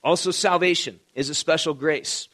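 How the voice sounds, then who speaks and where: A man's voice: on the high side, moderate pace, sharp tone. A male pastor preaching a sermon in a conversational, storytelling manner. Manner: conversational, storytelling with quoted voices.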